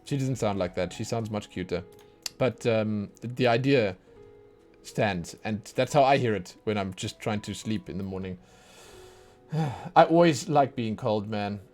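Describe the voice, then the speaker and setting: A man's voice: on the low side, a little slow, darkish tone. Tired, rambling male streamer. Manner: rambling, chatty, self-mocking. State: tired from lack of sleep. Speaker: let's play streamer. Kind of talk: casual chat while gaming. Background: faint game music.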